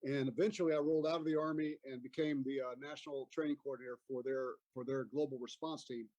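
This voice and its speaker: A man's voice: mid-range voice, fairly even intonation, fast talker, dark tone, no room sound, dull audio. A man in his fifties, an army veteran guest, telling a war story in a rambling way with many fillers. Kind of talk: casual storytelling on a podcast.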